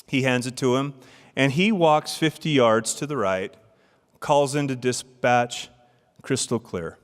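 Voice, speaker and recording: A man's voice: medium pitch, unhurried. A middle-aged man giving a devotional address, telling stories and asking the audience questions. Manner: storytelling with rhetorical questions to the audience. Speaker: church speaker. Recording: long hall reverb.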